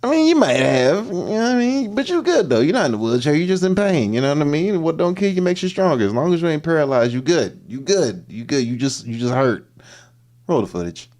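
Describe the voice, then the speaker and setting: A man hosting a reaction livestream, commenting with animated energy, laughing often and repeating punchlines. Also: fairly high pitch, fast. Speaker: livestream host.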